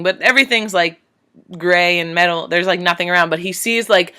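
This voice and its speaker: Chatty, excitable woman recapping a film. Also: clear, resonant tone. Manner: rambling, animated, many fillers, voice jumps high when emotional. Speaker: vlogger retelling a movie. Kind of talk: casual excited movie recap.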